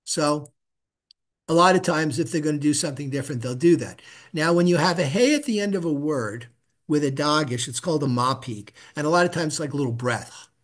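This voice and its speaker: Middle-aged man, slightly higher voice, unhurried tutor sounding out letters patiently. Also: animated. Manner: patient, repeats syllables slowly for the student to echo. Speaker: Hebrew reading teacher. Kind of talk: casual one-on-one reading lesson.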